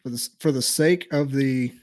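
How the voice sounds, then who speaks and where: A man's voice: mid-range voice, normal speed, a little mellow. A man guesting on a casual podcast, joking, laughing and thinking aloud as he picks.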